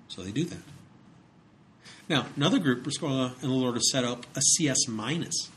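A man's voice: medium pitch, lively intonation, moderate pace, a bit bright, a little hiss or hum. A man lecturing in a conversational way, with frequent fillers and repeated words as he explains. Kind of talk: recorded psychology lecture.

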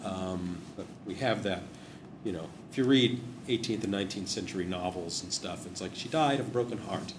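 A man's voice: low-pitched, moderate pace. A man casually explaining old stories in a rambling, digressive and wry way. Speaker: host discussing memorial plaques. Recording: roomy echo with background noise.

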